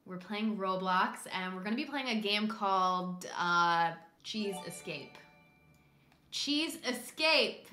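A woman host giving casual gameplay commentary, excitable and quick to shriek and yell when scared. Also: on the low side, faint music behind. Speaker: gaming video host. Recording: echoey room.

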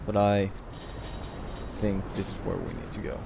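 Young dude doing laid-back game commentary, deepish voice, cusses and yelps when stuff goes wrong. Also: male voice, steady tone, unhurried, creaky, background noise. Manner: swears a lot, sudden loud outbursts. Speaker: let's play host. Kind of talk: casual gameplay commentary.

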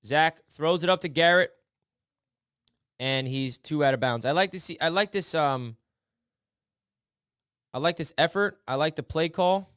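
A man with a slightly high, smooth voice talks through football film in a casual, excitable way. He drops to low mutters, then jumps up to shouts. The sound is dry and close. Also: measured pace, long pauses, no room sound. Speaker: sports film breakdown host.

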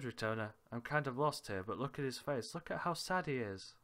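A man's voice: medium pitch, a little fast, hardly any pauses, fairly bright tone. A man reading aloud every character's lines of a visual novel, switching between characters with small laughs and asides. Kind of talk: reading game dialogue aloud with light character voices.

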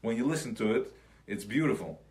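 A man's voice: on the low side, animated, a little fast, darkish tone. A man teaching a class to a small group, talking loosely and conversationally. He drops Yiddish terms into his sentences and keeps checking that his listeners follow. He acts out everyday scenes in voices of his own. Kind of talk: live recorded Chassidic class.

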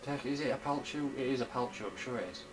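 A man's voice: mid-range voice, fast, noisy background. Blunt young man commenting on gameplay. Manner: chatty and blunt, swears freely, talks to the game. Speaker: gamer. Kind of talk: casual let's-play commentary. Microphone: camera filming the screen.

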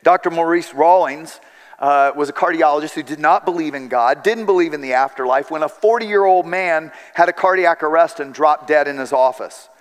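A man's voice: on the high side, normal speed, big-room sound. A man telling a story in an earnest sermon, acting out the quoted dialogue.

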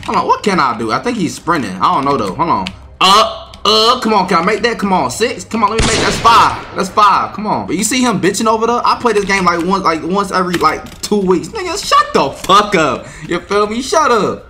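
A young man giving loud, slangy, trash-talking commentary while playing a basketball video game. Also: high voice, sing-song, brisk, a little hiss or hum. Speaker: gaming YouTuber. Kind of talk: gameplay commentary.

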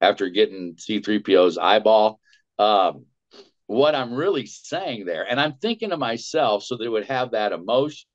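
Older male voice actor, low-pitched, lively anecdote teller, muffled lo-fi audio. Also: moderate pace. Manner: lively storyteller, acts out quotes and cackles. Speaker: voice actor guest. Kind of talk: storytelling interview anecdote. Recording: dull lo-fi sound.

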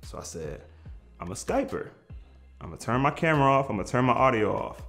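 A man telling a funny personal story in casual slang, animated and prone to shouting out the lines he quotes. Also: medium pitch, a little fast, faint music behind. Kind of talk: comedic storytelling.

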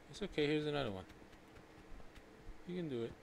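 A man's voice: medium pitch, very animated, a little slow, vocal fry, pauses often, fairly bright tone. A man streaming a game, with playful casual commentary, chatting to viewers and muttering asides to himself. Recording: noisy stream recording.

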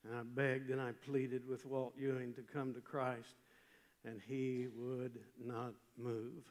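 An older man preaching a chapel sermon, telling a story with emphatic swings from loud passages to hushed ones. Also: mid-range voice, little pitch movement, slow. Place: large chapel. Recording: long hall reverb.

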